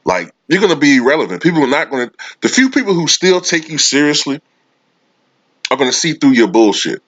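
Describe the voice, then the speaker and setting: A man's voice: a little high, very animated, fairly quick, fairly bright tone, dry recording. A man delivering a sarcastic, profane sports commentary rant. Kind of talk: casual ranting commentary. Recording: dull lo-fi dry recording.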